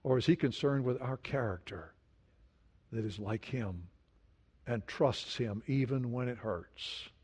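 A man preaching a sermon, asking his listeners many questions and dropping from loud emphasis to a hushed, quiet voice. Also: mid-range voice, measured pace, breathy edge. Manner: dynamic preaching, swings from loud emphasis to hushed near-whisper. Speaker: pastor.

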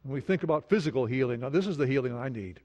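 A man preaching a sermon, asking his listeners many questions and dropping from loud emphasis to a hushed, quiet voice. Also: mid-range voice, animated, rapid-fire, lo-fi sound. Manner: dynamic preaching, swings from loud emphasis to hushed near-whisper. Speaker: pastor.

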